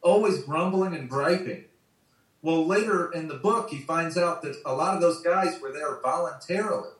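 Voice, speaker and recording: A man's voice: a little high, moderate pace, a bit bright. A man ranting bluntly and profanely in a casual video-call conversation. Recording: roomy sound, distant from mic.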